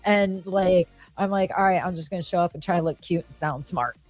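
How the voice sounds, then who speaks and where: A woman's voice: on the low side, fairly quick, no echo. A woman co-hosting a podcast, talking in a laid-back, self-deprecating, casual way. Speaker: podcast co-host. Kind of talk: casual chat.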